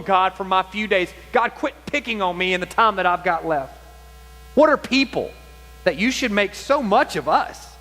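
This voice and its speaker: A man preaching a sermon, reading scripture aloud with passionate, dramatic emphasis and slow, stretched-out phrases. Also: high voice, fairly bright tone. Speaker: pastor. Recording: long hall reverb with faint music and hum.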